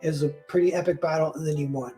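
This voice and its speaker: A man's voice: a little high, fairly even intonation, fast talker, warm tone, soft background music. A man casually retelling a fairy tale, rambling with lots of "like" and correcting himself as he goes. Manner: rambling, full of "like" and self-corrections. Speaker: storyteller.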